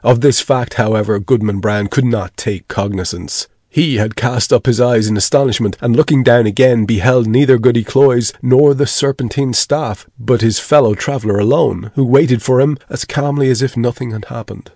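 A man narrating a story in a deliberate storytelling way. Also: medium pitch, darkish tone, dry recording, studio quality. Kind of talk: scripted narration.

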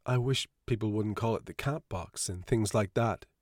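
A man's voice: lowish voice, normal speed, no echo, clean studio sound, natural voice. A man voicing a prim, fussy woman hospital worker in a slightly raised voice.

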